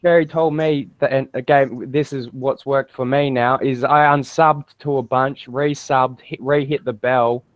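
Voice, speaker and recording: A man co-hosting a livestream, explaining things in a relaxed, rambling way. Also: medium pitch, unhurried, few pauses, no echo, lo-fi sound. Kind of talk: casual livestream chat.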